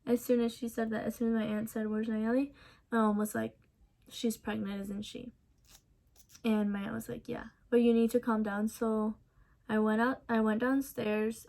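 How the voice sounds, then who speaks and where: A young woman in a casual storytime vlog, recounting events softly with many ums and restarts. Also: fairly high pitch, little pitch movement, fairly quick. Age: young adult. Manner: casual, soft-spoken storytelling with many fillers. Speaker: vlogger.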